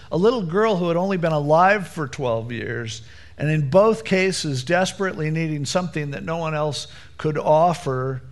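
A man preaching a conversational sermon in a casual, animated way, acting out the people in the story. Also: medium pitch. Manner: casual, animated, acts out quotes.

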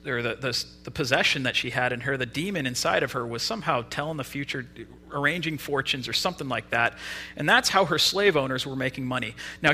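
A young adult man preaching a sermon, retelling a story in a casual, lively way. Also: fairly high pitch.

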